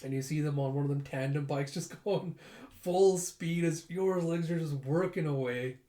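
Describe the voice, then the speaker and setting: A man's voice: fairly high pitch, normal speed, dark tone, roomy sound. A man casually recapping a comic chapter in a rambling, chatty way with many fillers. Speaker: comic reader and reviewer. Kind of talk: casual comic read-through.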